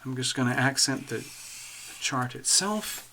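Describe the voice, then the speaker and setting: A man's voice: mid-range voice, expressive, unhurried, gravelly, sharp tone, a little hiss or hum. A man hosting a casual astrology livestream, chatting animatedly to viewers while drawing charts.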